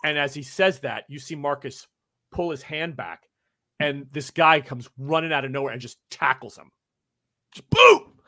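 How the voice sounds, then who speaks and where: A man narrating as game master in a tabletop game, lively and laughing, acting out quotes. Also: mid-range voice, normal speed, dry recording, clean studio sound.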